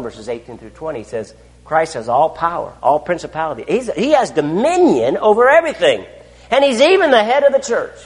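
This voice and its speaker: A man preaching a sermon, his pitch rising and falling widely as he asks his congregation one rhetorical question after another. His voice sits a little high for a man and moves between loud declarations and hushed asides. A long church reverb trails behind every phrase.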